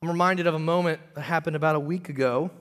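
A man in his thirties preaching a sermon as pastor, telling a personal story and moving between loud emphatic peaks and quiet, hushed confession. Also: a little high, fairly even intonation, fast talker.

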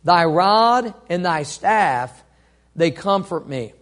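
High-voiced pastor preaching with big swings. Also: male voice, lively intonation, takes it slowly. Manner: call-and-response preaching, dynamic swings from loud to hushed. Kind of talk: sermon.

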